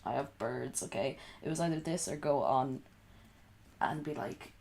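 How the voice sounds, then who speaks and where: A woman's voice: very deep voice, moderate pace, creaky, noisy background. A woman streaming from home at night while sick and coughing, rambling in sweary, sarcastic casual chat. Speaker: livestreamer.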